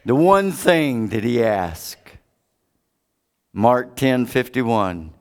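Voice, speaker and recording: A man's voice: big pitch swings, extremely slow, long pauses, clear, resonant tone. A man preaching a sermon in a dramatic, impassioned way. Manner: dramatic, impassioned, sweeping pitch.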